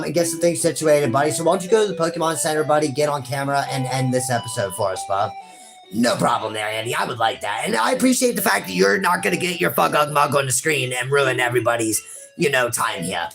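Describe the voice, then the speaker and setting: A man's voice: medium pitch, lively intonation, fast talker, gravelly. A man hosting a casual gaming session, joking around, swearing and calling everyone bro and buddy. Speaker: gaming channel host. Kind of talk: casual let's-play banter. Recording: music playing behind the voice. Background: game music.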